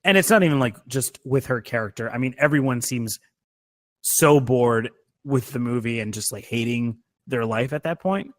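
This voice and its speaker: Male co-host, casual rambling film talk, mid pitch, dry booth sound. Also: normal speed, no room sound. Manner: rambling, filler-heavy, swears freely. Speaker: podcast co-host. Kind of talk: casual movie chat.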